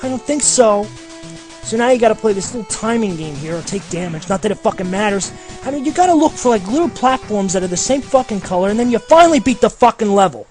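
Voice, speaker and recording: A man's voice: sits high, lively intonation, fast talker, a little mellow, soft background music. A man ranting sarcastically over gameplay as a game reviewer, swearing constantly and sounding fed up. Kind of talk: profane gameplay commentary rant.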